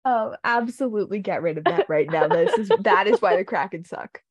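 A woman's voice: mid-range voice, expressive, fairly quick, no room sound. Young woman co-host, casual and opinionated, dry close sound. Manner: chatty, opinionated, frequent ums and laughs. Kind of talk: casual chat.

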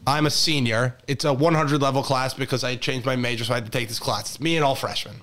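A young man co-hosting a sports podcast, telling a story in a lively, laughing way with plenty of false starts. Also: mid-range voice, quick pace. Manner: animated storytelling with laughs and restarts. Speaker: podcast co-host. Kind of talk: casual sports podcast banter.

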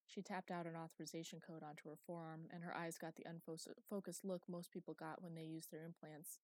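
A woman narrating an audiobook in a steady, even storytelling manner. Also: low-pitched, a little fast, few pauses, no echo.

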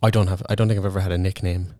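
A man's voice: low-pitched, level tone, very fast, dark tone, no echo. A young man from Cork's north side with a local accent, co-hosting a podcast with dry, sweary wit. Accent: Cork north side. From north side of Cork. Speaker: podcast co-host. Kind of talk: casual chat.

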